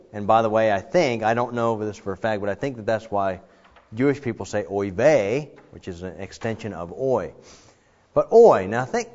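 A man preaching a sermon in a conversational, animated way, with frequent fillers and restarts. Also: mid-range voice, lo-fi sound. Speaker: pastor.

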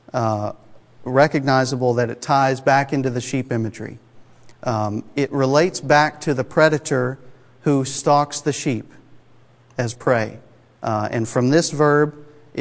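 Here a preacher, male and mid-pitched, addresses the congregation in a way that is chatty yet forceful, with plenty of rhetorical questions. The recording carries the lengthy reverb of a large church hall.

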